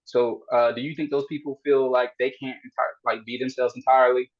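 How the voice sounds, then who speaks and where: A man's voice: medium pitch, little pitch movement, brisk, highs cut off. A man hosting a podcast, asking long, probing questions in casual chat and often restarting his sentences. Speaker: podcast host.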